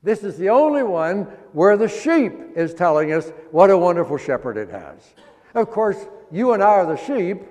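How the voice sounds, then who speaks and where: A man preaching a sermon, explaining scripture line by line in a folksy, teaching way and slowing down to stress the verses. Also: sits high, darkish tone, long reverb tail. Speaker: pastor.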